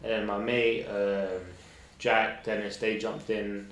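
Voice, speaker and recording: A young man speaks as a podcast guest, open and reflective, with hesitant fillers and slang. His voice sits fairly low. The room is echoey, with faint noise underneath. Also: little pitch movement, takes it slowly, a bit bright. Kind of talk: casual chat. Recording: roomy echo, faint background noise.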